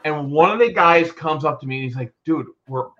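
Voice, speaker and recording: A man co-hosting a casual podcast tells stories with lively animation, acting out the voices of people he quotes. His voice is bright and forceful. The recording sounds dull and lo-fi. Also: on the high side, fast talker. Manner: animated storyteller, acts out quotes loudly. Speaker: podcast co-host. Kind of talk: casual chat.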